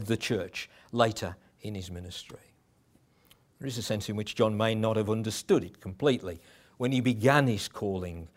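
Man preaching a conversational sermon. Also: fairly low pitch. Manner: conversational, with chuckles and restarts.

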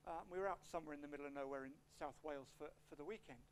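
Man preaching a sermon, expressive and quick to switch tempo, quietly humming room. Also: fairly high pitch, a little hiss or hum. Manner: animated, acts out quotes, shifts pace a lot. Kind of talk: expository sermon with a personal story.

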